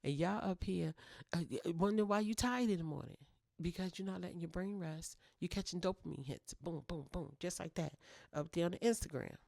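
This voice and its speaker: A woman's voice: on the low side, brisk, vocal fry, mellow, no echo, clean studio sound. A woman hosting a talk show for single mothers, giving casual, teasing advice and clowning around as she talks straight to her listeners. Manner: playful, teasing, clowning, with direct address. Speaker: podcast host.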